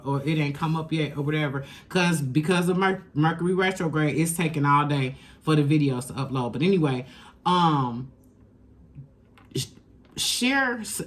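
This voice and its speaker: A woman giving a casual tarot reading, talking straight to the viewer in emphatic, slangy, profane bursts that jump from loud and high to low and quiet. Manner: emphatic, slangy and profane, coaching the listener directly. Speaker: tarot reader.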